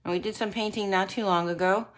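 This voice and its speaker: A woman casually demonstrating card-making techniques, chatting to viewers and often clearing her throat. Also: medium pitch, steady tone, fast. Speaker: craft demonstrator.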